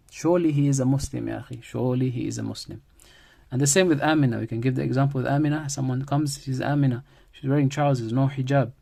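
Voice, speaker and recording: A man teaching a grammar lesson at a middle pitch. He repeats key phrases as he goes and builds each point around everyday examples, in a patient, classroom-style delivery. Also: gravelly, dark tone.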